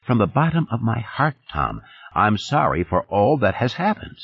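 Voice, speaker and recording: A man voicing a smooth, ingratiating corporate executive in an audiobook reading. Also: lowish voice, big pitch swings, normal speed, pitched above the performer's own voice, exaggerated voice. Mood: soothing. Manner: soothing, glib. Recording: dull lo-fi audio.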